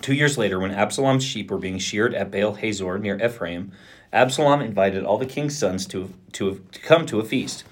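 A male pastor with a fairly low voice reads scripture for a podcast. His reading is steady, with a few small restarts along the way. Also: normal speed.

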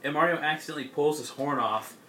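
A man's voice: fairly high pitch, quick pace, pushed and bright, slight background noise. A young man in a casual chat, rambling through a comic's plot with lots of fillers and laughs. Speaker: podcast co-host.

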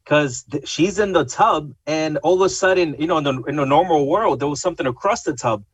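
Man, podcast panelist, wry complaints, husky, slightly high voice. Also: fairly quick, no echo. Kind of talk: casual chat.

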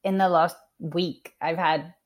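A woman speaks in a low voice with an accent that blends London, Northern English and Australian sounds. She talks casually and laughs a lot, often acting out what other people said. She is a guest on a remote podcast call. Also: fairly even intonation, slow pace. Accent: mixed British, Northern English and Australian. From England (London). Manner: chatty, laughs often, acts out quoted voices. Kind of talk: casual interview chat.

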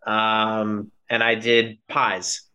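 A man's voice: on the low side, monotone, extremely slow, bright, forceful tone, clear, resonant tone, lo-fi sound. A man co-hosting a podcast in casual chat, telling rambling stories and correcting himself as he goes. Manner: rambling, self-correcting storyteller. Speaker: podcast co-host.

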